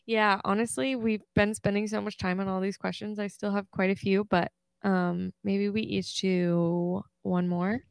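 A woman's voice: mid-range voice, little pitch movement, a little slow, vocal fry, few pauses, smooth, no echo. A young woman co-hosting a podcast, talking in a rambling, earnest way with lots of "like". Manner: rambling, earnest, heavy use of "like". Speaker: podcast co-host. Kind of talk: casual chat.

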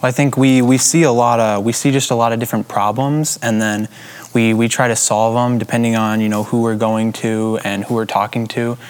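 A man's voice: medium pitch, fairly even intonation, a little fast, darkish tone. A young man answering a question in a group, hesitant, restarting his sentences.

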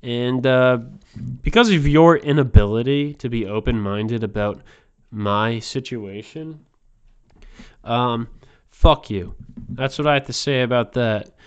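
A man's voice: mid-range voice, unhurried, clean tone, muffled recording. A man hosting a podcast, delivering a rambling, crude and provocative comedic monologue. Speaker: podcast host.

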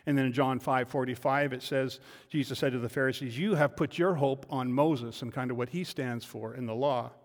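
A man, the lead pastor, preaching a sermon, building from quiet reflection to loud emphatic declarations with rhetorical questions. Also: mid-range voice, fairly even intonation, moderate pace, few pauses, long reverb tail. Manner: rhetorical questions answered in turn. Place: church sanctuary.

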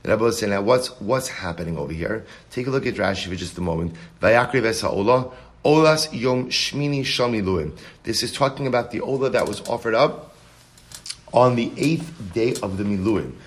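A man's voice: fairly low pitch, expressive, normal speed. A man teaching a Talmud class, reading the Aramaic text aloud and then explaining it in English with rhetorical questions.

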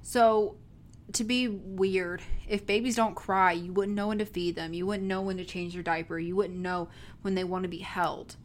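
A woman's voice: medium pitch, fairly even intonation, moderate pace, a little hiss or hum. A woman in casual conversation, explaining a film's ideas in a chatty way. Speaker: co-host discussing a film. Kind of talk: casual chat.

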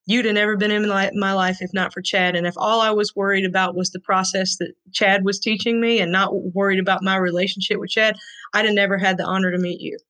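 Woman in her 40s, podcast guest, earnest and frank, moderate pitch, storytelling. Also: little pitch movement, fast, fairly bright tone, rough recording. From Tennessee, USA. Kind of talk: heartfelt storytelling.

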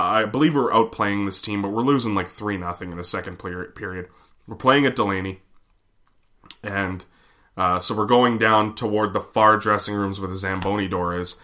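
A man from Canada, telling rambling, profane stories on a casual podcast. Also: lowish voice. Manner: animated, profane, rambling with fillers. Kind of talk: casual storytelling.

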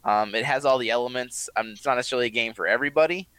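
A man co-hosting a casual podcast, giving his opinions in a measured way. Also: medium pitch, a bit bright, clear, resonant tone, no echo, poor audio. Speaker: podcast co-host. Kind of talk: casual chat.

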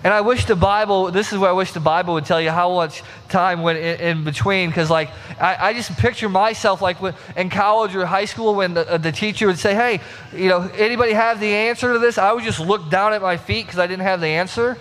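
A man's voice: high-pitched, a little fast, few pauses, a bit bright. A young adult man preaching a conversational sermon as a pastor, acting out the voices in the scripture stories. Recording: long hall reverb.

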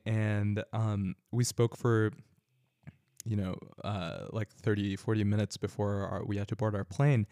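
Young Californian man, casual storyteller, lowish voice, dry close mic. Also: dry recording. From California, United States. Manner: relaxed, chatty, frequent fillers and laughter.

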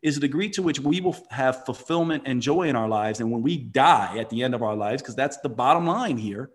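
A man's voice: medium pitch, lively intonation, a little fast. A man telling a motivational story in conversation, earnest and emphatic, often restarting his sentences.

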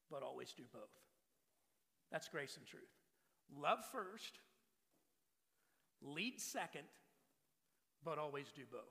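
A man's voice: high-pitched, vocal fry, pushed and bright. A man in his forties preaching a sermon as pastor, emphatic and full of rhetorical questions to the congregation. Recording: long reverb of a large hall.

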